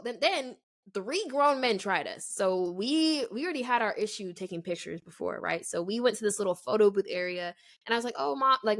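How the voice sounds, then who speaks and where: A woman in her twenties, co-hosting a podcast, telling a story in casual chat and acting out the people in it with quick changes of voice. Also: medium pitch. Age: 20s. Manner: animated, acts out quoted people, laughs often. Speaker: podcast co-host.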